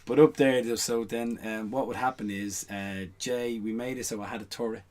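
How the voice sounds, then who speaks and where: A middle-aged man sits in for a relaxed podcast chat, working through long, looping stories about his stage shows. His voice sits at an ordinary pitch, and he keeps checking in with the listener as he goes. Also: normal speed. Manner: rambling anecdotes with many "you know what I mean" asides. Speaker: guest, stage performer. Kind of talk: casual podcast storytelling.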